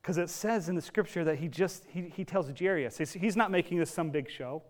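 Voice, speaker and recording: A man preaching a sermon as pastor, telling the story in a lively, conversational way with casual asides. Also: on the high side, a little fast.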